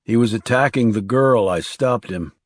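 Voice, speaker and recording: A man's voice: mid-range voice, normal speed, no room sound, studio quality, close to an everyday voice. A man narrating an audiobook voices a tough male assassin with a terse, clipped delivery.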